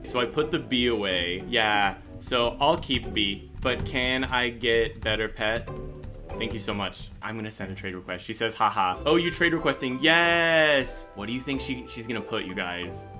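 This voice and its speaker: A man hosting a gaming channel, giving excited gameplay commentary, squealing and gasping as he talks to his viewers. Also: medium pitch, measured pace. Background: background music.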